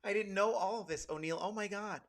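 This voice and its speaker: A man's voice: high voice, brisk. A man voicing a gushing, condescending young white woman who says "oh my God" constantly. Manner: breathy, gushing, fillers like "oh my God".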